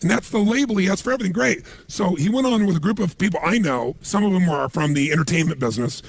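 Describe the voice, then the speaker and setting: A man's voice: high-pitched, fast, gravelly, slightly rough, no echo. A middle-aged man giving a motivational seminar talk, telling stories animatedly and acting out the people he quotes. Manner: animated storytelling, acts out quoted voices. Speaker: motivational speaker.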